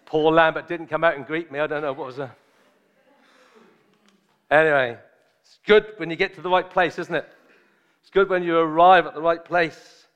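A man preaching a sermon, joking and chatty with his congregation at first, then slow and solemn. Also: fairly high pitch, steady tone, clean tone, dull audio. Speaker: visiting preacher.

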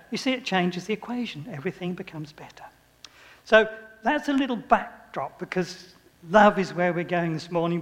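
An older man preaching, his voice sitting high for a man. He tells homely stories, chuckles and acts out little scenes. His words ring on with a long echo of a church hall. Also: a bit bright. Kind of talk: sermon.

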